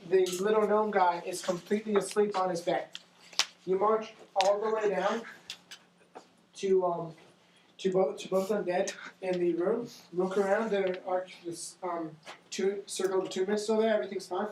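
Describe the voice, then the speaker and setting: A man's voice: sits high, steady tone, moderate pace, a little mellow, slight background noise. A young man narrating a tabletop game as game master, often restarting his sentences with ums as he describes scenes. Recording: echoey room.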